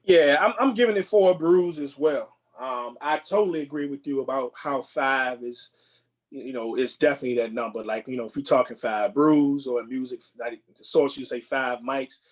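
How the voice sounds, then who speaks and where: A man co-hosting a movie podcast in casual chat, relaxed and rambling, often repeating words and restarting. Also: mid-range voice, moderate pace. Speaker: podcast co-host.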